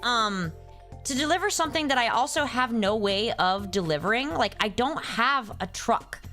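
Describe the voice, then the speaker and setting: Young female streamer, casual and exasperated, chatting over quiet music. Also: a little high, expressive, normal speed. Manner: exasperated ranting, reads chat names aloud. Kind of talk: casual live-stream chat.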